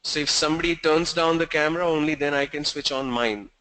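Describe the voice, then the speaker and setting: Guy running an online english class on a video call, bright clear voice, jokey. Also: a little high, fairly quick, rough recording. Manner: asks the class questions, teasing and joking. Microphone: video call mic.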